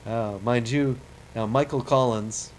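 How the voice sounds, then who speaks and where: A man's voice: medium pitch, fairly even intonation, unhurried, slight background noise, rough recording. A man streaming a space-flight game, giving rambling, chatty, self-deprecating commentary as he plays. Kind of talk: casual commentary while playing a space sim.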